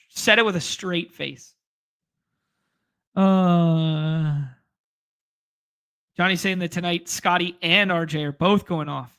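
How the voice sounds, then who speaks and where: Bright-voiced man hosting a fantasy sports stream. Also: a little high, clear, resonant tone. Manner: rambling, jokey, reads chat aloud. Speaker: fantasy sports podcast host. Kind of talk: casual live-stream chat.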